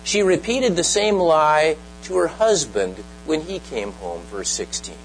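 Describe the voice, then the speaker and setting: An earnest man preaching a sermon, his voice sitting a touch higher than most men's. He drives his points home with emphasis and keeps checking in with the congregation through pointed questions. Faint music plays underneath him. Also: lively intonation, unhurried, poor audio. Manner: earnest, emphatic, often asks the listeners direct questions. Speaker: pastor.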